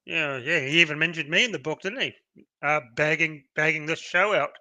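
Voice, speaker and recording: A man's voice: a little high, brisk, pushed and bright, no room sound. An Australian man co-hosting a casual live-stream chat, blunt and joking, swearing freely. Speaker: co-host.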